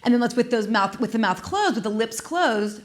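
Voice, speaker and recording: A woman movement instructor guiding an exercise class on a dedicated microphone, gentle, playful and encouraging, with soft laughs. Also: fairly high pitch, animated, a little fast. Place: studio.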